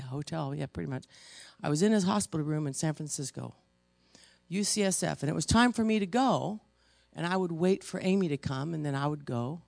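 A woman preaching a sermon, emotional and halting, pausing between stressed words. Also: sits low, darkish tone, no echo. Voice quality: gravelly.

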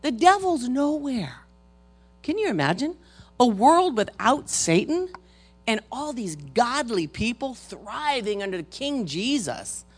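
A woman preaching a sermon in a folksy, animated manner, with joking asides to her congregation. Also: on the low side, gravelly, slightly rough.

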